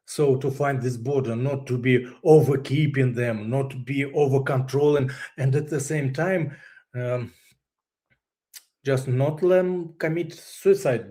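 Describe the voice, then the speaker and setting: A man's voice: mid-range voice, dark tone. A man with a Russian accent speaks English as a second language, stopping often to hunt for the right word. He tells his own story openly as an interview guest, breaking into laughter along the way. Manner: halting, searches for English words, laughs often. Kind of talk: candid personal story.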